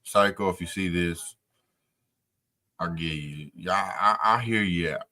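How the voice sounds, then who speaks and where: Bright-voiced profane man chatting. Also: deep voice, measured pace. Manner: rambling, profane, retells with quoted reactions. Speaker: podcast co-host. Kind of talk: casual late-night chat.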